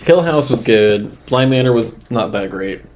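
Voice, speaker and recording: A man co-hosting a casual podcast, relaxed, with many ums and small chuckles. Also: mid-range voice, unhurried, slight background noise. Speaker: podcast co-host.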